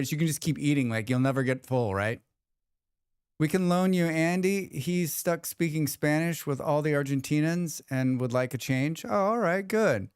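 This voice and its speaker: A man hosting a livestream, talking off the cuff to chat and joking as he goes. His voice is clear and resonant, pitched a little high. The recording is dry and close, with no room sound. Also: no echo. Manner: rambling, joking, restarts a lot. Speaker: livestream host. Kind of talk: casual chat reading viewer comments.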